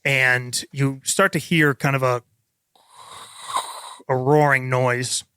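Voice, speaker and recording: Bright-voiced man narrating as game master. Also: mid-range voice, level tone, slow, clear, resonant tone, no echo, clean studio sound. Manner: vivid descriptive narration with fillers.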